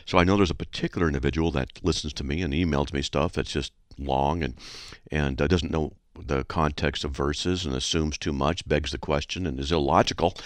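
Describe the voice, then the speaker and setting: A man's voice: rumbling low, steady tone, brisk, no room sound. A middle-aged man hosting a call-in radio show, chatty and playful, rambling casually.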